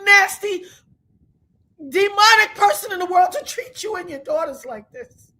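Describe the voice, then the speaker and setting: A woman livestream host in an angry rant, shouting, repeating herself and near tears with rage. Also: extremely high pitch, a little slow. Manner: furious, shouting, repetitive.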